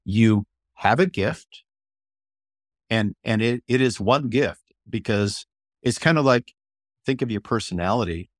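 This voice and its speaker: An older man, an author and ministry leader, talking as a guest in an interview. He tells stories in an animated way, often restarts phrases, and acts out quotes in a raised voice. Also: fairly low pitch, a little slow, no room sound, clean studio sound. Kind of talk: conversational storytelling interview.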